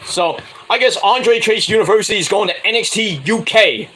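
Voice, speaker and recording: A man's voice: high-pitched, moderate pace. A man casually reviewing a wrestling show on his own, rambling with crude asides. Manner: rambling, crude asides, jumps into loud impressions.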